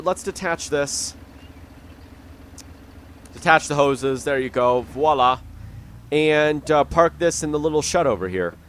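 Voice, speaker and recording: A man's voice: medium pitch, a bit bright, slight background noise. A young man talking casually over a farming game, thinking aloud with lots of ums and restarts. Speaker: gaming YouTuber. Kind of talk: casual let's-play commentary.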